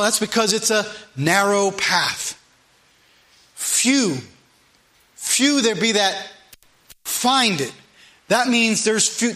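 Emphatic preacher, bright high voice. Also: male voice. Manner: slow, emphatic King James reading. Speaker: pastor. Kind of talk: sermon with scripture reading.

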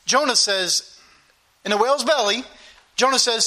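A man's voice: extremely high pitch, moderate pace, pushed and bright. A man preaching a sermon with emphatic, repetitive delivery and direct appeals to the congregation.

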